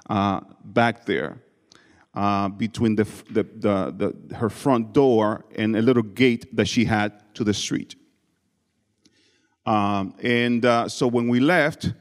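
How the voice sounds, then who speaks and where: A man preaches to a congregation, speaking English with a non-native accent and mixing jokes into his personal stories. His voice sits on the low side. Long reverb from a large church hall trails behind every phrase. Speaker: guest preacher.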